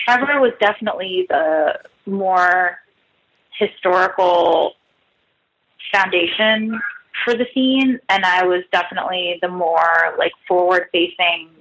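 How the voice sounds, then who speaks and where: A woman's voice: fairly low pitch, steady tone, unhurried, a bit bright, poor audio. A woman guest writer in her thirties, chatting casually and self-mockingly, full of "like" and asides. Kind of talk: casual podcast interview.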